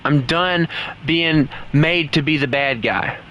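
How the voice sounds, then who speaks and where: A young gaming streamer chats casually and rants while playing a game from his home setup, his slightly high voice moving at a slow pace. His loose, rambling commentary swings into loud, frustrated outbursts, and the recording has its highs cut off plus a little hiss or hum.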